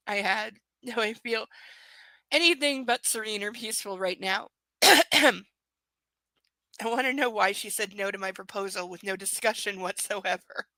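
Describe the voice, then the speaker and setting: A woman's voice: mid-range voice, measured pace, pushed and bright, dry recording, rough recording. A woman reading a novel aloud live, breaking off for sarcastic, laughing asides about the story. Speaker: reader. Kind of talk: live book reading with commentary.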